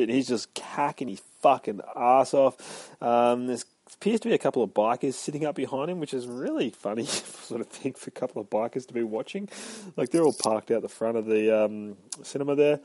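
A man's voice: medium pitch, normal speed, no echo. Sweary, rambling man. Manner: rambling, heavy swearing, animated retelling. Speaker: comic book reviewer. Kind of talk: casual comic book review.

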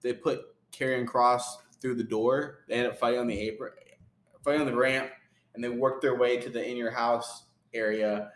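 A man's voice: mid-range voice, steady tone, moderate pace, fairly bright tone. A young man with a mid-range voice talks through a wrestling match move by move, rambling and filling gaps with ums and uhs. He sounds like he is in a roomy space with noticeable echo. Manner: rambling play-by-play, many fillers and laughs. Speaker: podcast co-host recapping wrestling. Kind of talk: casual chat.

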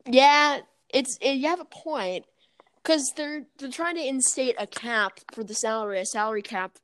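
Chatty woman podcast host, quick laugh. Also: sits high, fairly bright tone. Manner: chatty, self-correcting, laughs often. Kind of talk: casual chat.

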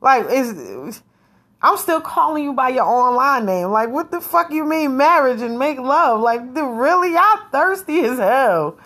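A woman's voice: high-pitched, big pitch swings, measured pace, a bit bright. A woman talking frankly to her viewers in a casual vlog, slangy and profane, rambling and laughing often. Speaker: vlogger.

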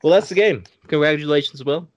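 A man hosting a casual podcast, running a party game with a relaxed, chuckling manner. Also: a little high, quick pace, no echo, muffled recording. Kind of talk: casual chat.

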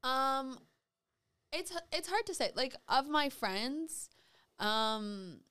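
A woman from Rhode Island with a Rhode Island accent, co-hosting a podcast and telling stories in a chatty, animated way. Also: sits high, very slow, smooth, no echo. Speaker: podcast co-host. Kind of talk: casual chat.

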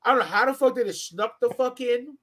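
Profane, animated man telling stories. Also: extremely high pitch, brisk. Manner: profane, animated storytelling with slang. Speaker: podcast co-host. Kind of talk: casual podcast chat.

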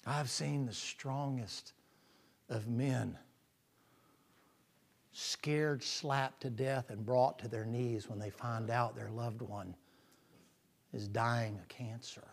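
A man preaching a sermon in a folksy way, swinging from loud passages to hushed whispers. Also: mid-range voice, fairly even intonation, slow, vocal fry, long pauses. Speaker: pastor.

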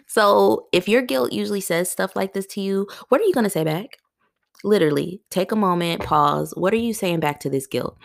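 A woman's voice: mid-range voice, normal speed, vocal fry, no room sound, clean studio sound. A woman hosting a solo podcast. She coaches listeners directly in an earnest way and laughs at her own jokes. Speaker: podcast host. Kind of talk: solo motivational podcast talk.

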